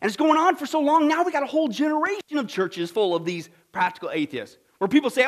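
A man with a very high voice, preaching with animated, storytelling energy. He keeps drawing his listeners in with quick questions and tag words. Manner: animated storytelling, quizzing the audience with "okay?" and "amen?". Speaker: pastor. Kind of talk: sermon.

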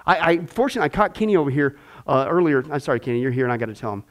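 A man's voice: mid-range voice, expressive, rapid-fire. A man teaching a discipleship Bible class, asking rhetorical questions and acting out little voices as he goes.

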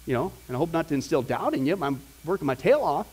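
Animated high-voiced male Bible teacher. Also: fast talker, slightly rough, low-quality recording. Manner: animated, conversational, acts out quoted voices.

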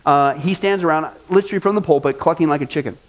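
A male pastor preaching an animated sermon, mocking things he disapproves of and doing quick impressions. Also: a little high.

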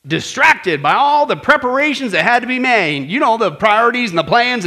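Guy preaching, high bright voice that jumps all over, folksy and asks the crowd lots of questions. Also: a little fast, hardly any pauses. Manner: animated, folksy, rhetorical questions. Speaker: pastor. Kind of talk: sermon with a told joke.

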